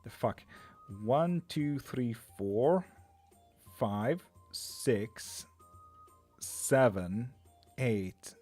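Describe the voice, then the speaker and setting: A man's voice: mid-range voice, lively intonation, extremely slow, long pauses, warm tone, dry recording, faint music behind. A man, a tarot reader hosting a live stream, chatting loosely with viewers, swearing and laughing often.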